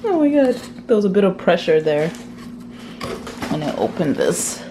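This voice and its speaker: A woman's voice: on the low side, very animated, normal speed, noisy background. A woman vlogging casually at home, chatty and rambling, with frequent fillers like "like". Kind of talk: casual unboxing vlog. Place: at home, indoors.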